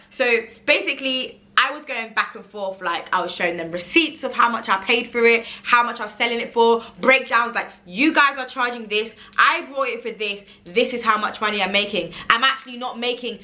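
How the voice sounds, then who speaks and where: A young woman telling a casual vlog story, animated and expressive, acting out what she said and using "like" often. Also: a little high, brisk, few pauses. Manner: animated, acts out her own quoted pleas, says like a lot. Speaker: online seller and vlogger.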